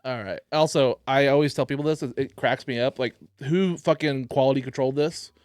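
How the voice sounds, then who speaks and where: A man's voice: medium pitch, a little fast, no room sound. A man hosting a casual comedy podcast, joking and swearing freely as he chats and rants. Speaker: podcast host.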